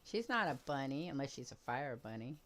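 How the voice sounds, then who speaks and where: Older lady streaming a game w her daughter, super low voice, laughs a lot. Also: sing-song, a little fast, fairly bright tone, a little hiss or hum. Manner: chatty, laughs easily. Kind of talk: casual gameplay chat.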